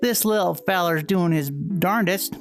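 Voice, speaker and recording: A woman's voice: on the low side, a little slow, faint music behind. A woman streamer voicing a cheery, homespun Southern ranch hand with a put-on Southern drawl and folksy exclamations. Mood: folksy cheer.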